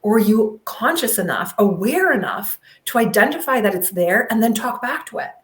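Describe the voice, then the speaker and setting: A woman's voice: fairly high pitch, animated, normal speed. Reflective woman in a roomy space. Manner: reflective, encouraging. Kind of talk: casual chat. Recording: roomy echo.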